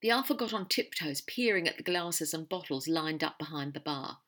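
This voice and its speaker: A woman narrating an audiobook with a lively, animated reading and a bright, sharp tone. Her delivery moves expressively through the story. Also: sits low, moderate pace, few pauses.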